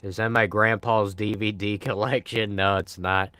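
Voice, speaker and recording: A man's voice: fairly low pitch, level tone, normal speed, bright, forceful tone, smooth, dry recording. A young man live streaming, chatting casually and answering viewer comments in a laid-back, rambling way with frequent sighs.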